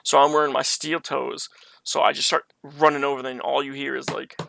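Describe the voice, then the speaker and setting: Gravelly, flat-voiced man telling a story. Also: medium pitch, fairly quick, a little hiss or hum. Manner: rambling, conversational retelling with restarts. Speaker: streamer. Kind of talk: casual storytelling on a live stream. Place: his bedroom at home.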